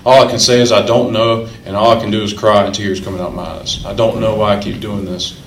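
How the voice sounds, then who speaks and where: A man's voice: on the low side, steady tone, fairly quick, slight background noise. Earnest man telling his recovery story. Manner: earnest, emotional, repeats phrases for emphasis. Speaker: recovery meeting speaker. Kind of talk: personal recovery story told to a meeting. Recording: echoey room.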